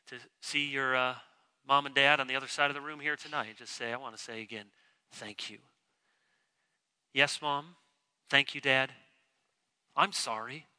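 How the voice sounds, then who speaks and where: A man preaching a sermon as pastor, emphatic and lively, acting out short quoted lines to his congregation. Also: mid-range voice. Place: church sanctuary.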